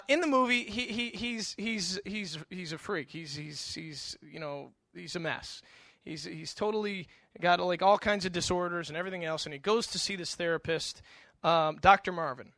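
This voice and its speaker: A middle-aged man preaching in a casual, storytelling way, his voice high and bright. He stumbles over repeated words as he goes, animated and engaged. The sound is close and dry. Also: moderate pace, no echo. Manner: animated storytelling, with frequent stammered restarts. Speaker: pastor. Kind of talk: conversational sermon.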